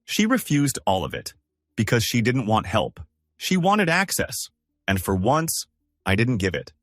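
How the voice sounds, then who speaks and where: A man narrating scripted first-person stories in a dry, measured, wry way. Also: medium pitch, huge pitch swings, fairly bright tone, no echo. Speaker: storyteller.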